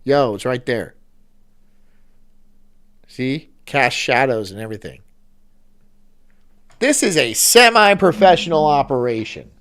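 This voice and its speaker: A man's voice: medium pitch, animated, takes it slowly, long pauses, a bit bright, clean tone. A man hosting a stream, reacting casually with rambling, swearing asides. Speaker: streamer host.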